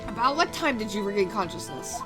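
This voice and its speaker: A woman voicing a calm young male defense attorney with measured, dry questioning. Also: mid-range voice, over music, pitched below the performer's own voice, lightly acted.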